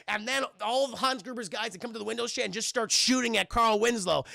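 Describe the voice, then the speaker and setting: A man gives a profane, animated movie recap to his live chat. His voice sits high and sounds strongly gravelly and bright. The recording is dry and close. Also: quick pace, hardly any pauses, no room sound. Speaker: streamer and film reviewer.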